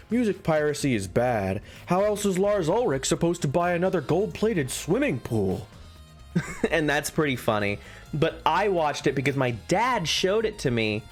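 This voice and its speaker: A man chatting casually on a live stream as he reads a visual novel, rambling to his viewers. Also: medium pitch. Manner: rambling, chatty asides to viewers, frequent laughs.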